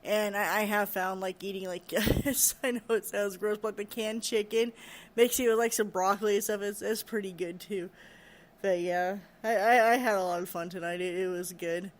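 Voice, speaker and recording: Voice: medium pitch, steady tone, moderate pace. Rambling, laughing middle-aged vlogger. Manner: rambling and chatty, with frequent laughs. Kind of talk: casual rant to camera.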